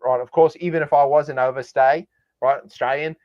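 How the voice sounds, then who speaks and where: A man's voice: mid-range voice, steady tone, fairly quick, a little mellow. A man co-hosting a comedic news podcast, rambling and sarcastic with many fillers. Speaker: podcast co-host. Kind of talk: casual comedic news chat. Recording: dull lo-fi sound.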